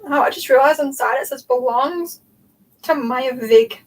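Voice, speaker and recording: This young woman's high-pitched voice moves at a measured pace as she reorganizes her shelves during a casual booktube livestream at home. She rambles and thinks aloud, leaning on "like" and "um," captured by a distant mic with faint background noise.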